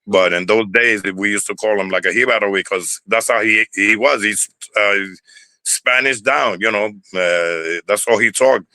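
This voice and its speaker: A man's voice: lowish voice, moderate pace, pushed and bright, no room sound, low-quality recording. An older man with a New York Puerto Rican accent, telling stories in a rambling interview, repeating words and swearing freely. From Bronx, New York. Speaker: interview guest, former dancer. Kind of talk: casual storytelling interview.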